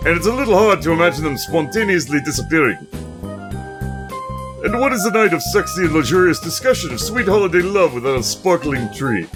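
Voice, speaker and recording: A man voicing a flirtatious male pigeon secret agent in a put-on Russian accent, smooth and theatrical. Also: a little high, sing-song, a little fast, music in the background, voice pushed up. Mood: suave. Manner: smooth, theatrical, playboy charm. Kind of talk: video game voice acting.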